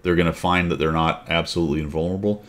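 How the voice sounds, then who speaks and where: A man's voice: low voice, steady tone, rapid-fire. A man hosting a casual chat, rambling and thinking aloud. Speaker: host.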